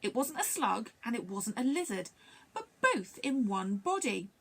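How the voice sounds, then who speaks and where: A woman reads a children's story aloud at story time. Her voice is fairly high, with a gravelly texture, and it rises and falls with lively expression. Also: measured pace. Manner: expressive, animated reading. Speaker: library story reader.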